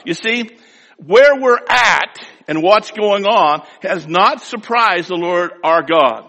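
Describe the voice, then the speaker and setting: A man preaching a sermon, emphatic, swinging between loud, drawn-out declaiming and quiet asides. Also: high voice, expressive. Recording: long hall reverb.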